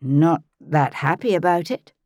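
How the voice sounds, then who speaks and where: A woman's voice: low-pitched, unhurried, darkish tone, dry recording, studio quality. A woman voicing a curious, tentative young woman. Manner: tentative, questioning. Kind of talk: audiobook narration.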